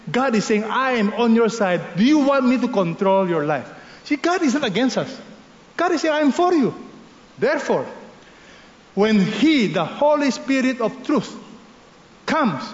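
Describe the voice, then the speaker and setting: A male pastor preaches with a high, lively voice that swings up and down for emphasis. The sound is dull and boomy, with the long reverb of a large hall. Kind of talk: sermon.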